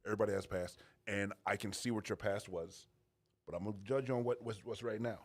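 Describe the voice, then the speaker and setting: Low, husky-voiced man, calm and measured. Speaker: bass player guest. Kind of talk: casual podcast conversation.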